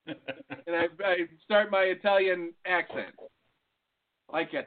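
A man's voice: on the high side, measured pace, pauses often. A man co-hosting a podcast, chatting loosely and profanely and laughing often. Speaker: podcast co-host. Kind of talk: casual profane chat. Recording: phone-like lo-fi sound.

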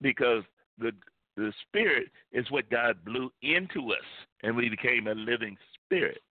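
A man's voice: medium pitch, normal speed, dry recording. A male pastor preaching a sermon with emphasis, repeating key phrases. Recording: tinny phone-like line, dry.

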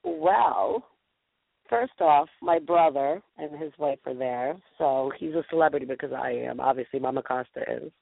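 A woman's voice: low-pitched, animated, moderate pace, vocal fry, no echo. Gushy lady hosting a call-in show, tinny phone sound. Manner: bubbly, gushing. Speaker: radio show host. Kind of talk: casual call-in chat. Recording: tinny phone-quality audio.

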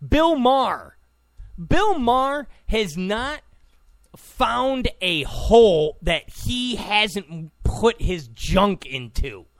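A man's voice: high voice, very animated, very slow, no room sound. A man delivering a ranting political commentary, exasperated and mocking, repeatedly scoffing "come on.".

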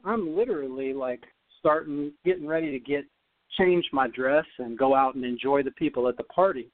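A man, a former tennis player, telling a story as a podcast guest, animated and often repeating words as he goes. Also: a little high, dry recording. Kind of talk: storytelling in an interview. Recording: dry, phone-like line.

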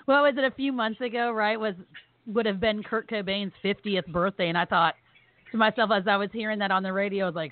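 A woman's voice: medium pitch, a little fast, no room sound. A woman co-hosting a podcast, telling funny family stories with laughter and acted-out quotes, recovering from surgery and on pain meds. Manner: animated, laughing storyteller acting out quotes. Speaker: podcast co-host. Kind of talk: casual storytelling chat. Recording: tinny phone-like line.

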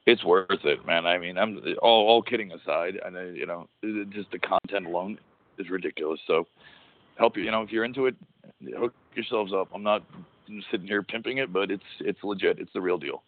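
A man's voice: low-pitched, fairly quick. A man in his forties hosting a casual podcast, telling rambling, profane, joking stories over a tinny phone-like line. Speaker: podcast host, former wrestler.

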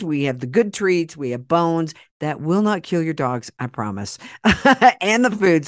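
A man's voice: sits high, expressive, moderate pace, few pauses, no room sound, studio quality. A man from Oklahoma with an Oklahoma accent, hosting a podcast in a blunt, folksy, rambling way. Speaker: podcast host. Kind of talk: casual chat with a guest, then a sponsor plug.

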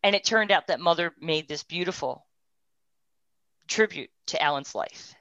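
A woman sharing a heartfelt personal testimony, moving between hushed, tearful moments and animated, laughing bursts. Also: on the low side, moderate pace, no room sound. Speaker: guest sharing a personal story. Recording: dry, dull lo-fi sound.

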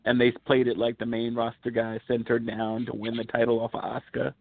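A man co-hosting a casual wrestling podcast, rambling through animated stories with plenty of fillers. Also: medium pitch, a little fast, vocal fry, no echo. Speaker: podcast co-host. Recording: tinny phone-like line.

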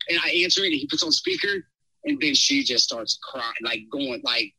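A middle-aged man recounts a story as a podcast guest, rambling and animated. His voice is gravelly and very bright, swinging widely in pitch. The sound is dry and close. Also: normal speed, no echo, poor audio. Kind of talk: casual storytelling chat.

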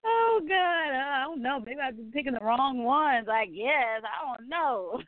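Through a dry, tinny, phone-like recording with no room sound, a woman whose voice sits high hosts a casual stream from home. She reads out viewer comments in a chatty, blunt way, laughing frequently and cursing without restraint.

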